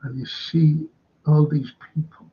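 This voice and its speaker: A man's voice: on the high side, little pitch movement, a little slow, husky, lo-fi sound. A man hosting a live-stream current-affairs show, ranting with plenty of swearing and greeting viewers in the chat.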